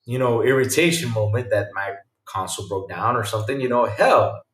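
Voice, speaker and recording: A man's voice: on the low side, a little fast, roomy sound. A man hosting a gaming podcast, chatting casually and reacting to live chat, laughing often and repeating himself.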